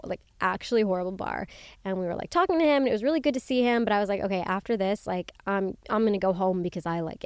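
Young woman podcast host, casual and candid, swears freely, mid-pitched smooth voice. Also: darkish tone, dry recording, clean studio sound. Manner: candid, chatty, swears freely, lots of filler "like"; acts out quoted friends in high squeals. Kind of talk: casual solo podcast chat.

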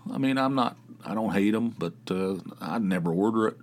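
A podcast host with a fairly low voice talks briskly on his own show. He meanders through rambling everyday stories in a casual way, full of filler words and offhand swearing.

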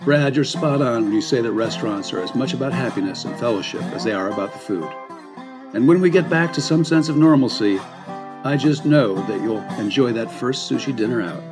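A man's voice: mid-range voice, expressive, a little fast, over music. A man hosting a podcast, reading scripted questions and a sign-off. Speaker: podcast host.

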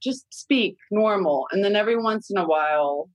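A woman in her forties chatting candidly on a podcast, telling lively parenting stories and swearing freely. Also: mid-range voice, normal speed, no room sound, poor audio. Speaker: guest consultant. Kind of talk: casual podcast chat.

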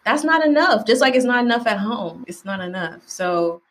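A woman's voice: fairly high pitch, normal speed. A Southern American woman talking casually as a podcast guest. She slips into the voices of the people she quotes as she tells her stories. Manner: animated storyteller who acts out quoted people. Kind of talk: casual conversation.

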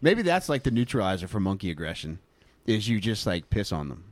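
A man's voice: lowish voice, big pitch swings, brisk. A man co-hosting a casual podcast, playfully teasing and quizzing the others. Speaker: podcast co-host. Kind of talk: casual chat.

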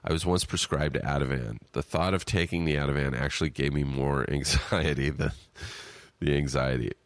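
A man's voice: a bass voice, fairly even intonation, moderate pace, no room sound. A man hosting a podcast, reading out a listener email and then chatting about it in a loose, rambling way with filler words and restarts. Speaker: podcast host.

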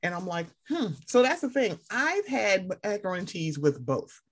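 A young woman co-hosting a casual chat, animated and swearing, acting out other people in loud high voices. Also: normal speed. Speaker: podcast co-host.

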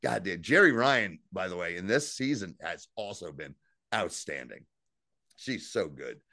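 A man co-hosting a podcast, casually and excitedly recapping scenes, swearing freely and quoting lines. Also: low-pitched, unhurried, dry recording, clean studio sound. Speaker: podcast co-host. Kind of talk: casual chat.

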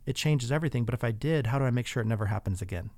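A man's voice: mid-range voice, rapid-fire, darkish tone, dry recording. A man in casual conversation, earnestly telling stories with frequent restarts. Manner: earnest, storytelling, many restarts.

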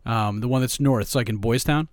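A man's voice: medium pitch, brisk, dry recording. A man co-hosting a casual sports podcast, telling rambling stories and swearing freely. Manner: profane, rambling storyteller. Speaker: podcast co-host.

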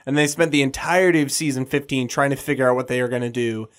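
A podcast co-host joins the conversation with a lively, laughing energy and often cuts in. The voice sits at a middle pitch in easy, casual talk. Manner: lively, laughing, quick to jump in. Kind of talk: casual chat.

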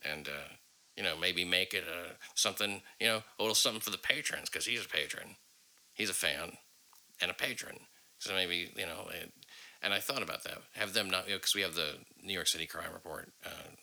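A man's voice: low-pitched, moderate pace, creaky, sharp tone, poor audio. A man hosting a podcast, talking in a rambling, profane way with many fillers. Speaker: podcast host. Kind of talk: casual podcast chat.

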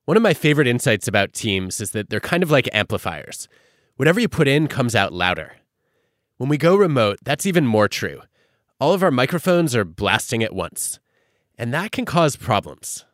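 Man, podcast host, scripted narration, animated intonation, dry recording. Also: medium pitch, moderate pace, dry recording.

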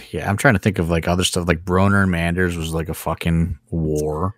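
A man's voice: low-pitched, level tone, normal speed, no echo. A middle-aged man, a wrestling promoter, talking casually on a podcast, rambling with lots of fillers and swearing. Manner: rambling, heavy fillers and profanity.

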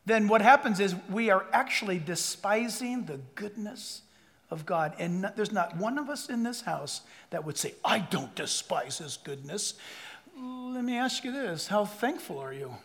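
A man preaching a sermon as pastor to a congregation, animated and emphatic, with asides and quoted voices. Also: sits high, normal speed. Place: church hall before a congregation. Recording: long reverb of a large hall. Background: audience laughter.

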